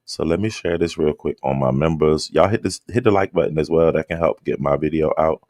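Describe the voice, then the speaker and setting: Male streamer, extremely low voice, sleepy late-night drawl, dry close sound, chatting with viewers. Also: a little fast, dry recording. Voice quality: just-woke-up low drawl. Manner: relaxed, greets chat members by name. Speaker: livestream host. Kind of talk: late-night casual livestream chat.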